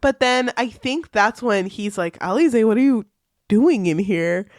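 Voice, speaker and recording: A young woman co-hosting a casual book podcast, excitable and swearing casually as she retells scenes. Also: fairly high pitch, unhurried, no echo, clean studio sound. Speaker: podcast co-host.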